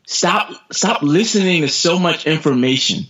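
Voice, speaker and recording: An American man in his thirties, a sprinter telling motivational stories as a podcast guest, energetic, repeating his words and laughing often. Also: a little high, normal speed. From United States. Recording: dull lo-fi podcast audio.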